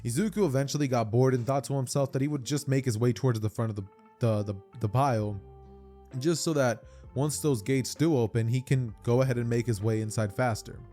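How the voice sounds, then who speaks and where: A man narrating a fan-made story in a loose, slangy, chatty way, stumbling over and restarting his phrases. His voice is mellow and soft-edged, at an ordinary pitch, with faint music underneath. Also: brisk. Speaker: YouTube storyteller. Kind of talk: casual fan-fiction retelling.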